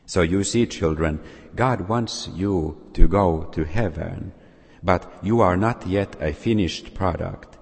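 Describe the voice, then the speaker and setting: A man preaching a sermon to children, speaking slowly and gently. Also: deep voice, gravelly, slightly rough. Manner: slow, gentle, addressing children. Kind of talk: sermon with story. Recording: long hall reverb.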